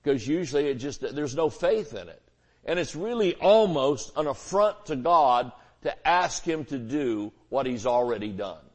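A man's voice: medium pitch, lively intonation, unhurried, darkish tone. A man preaching a sermon as pastor, folksy and conversational, with homespun illustrations.

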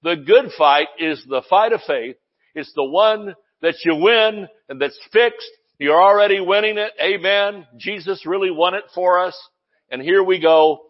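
A male pastor preaching a sermon in a lively way, breaking into laughs and hallelujahs. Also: high voice, unhurried, muffled recording.

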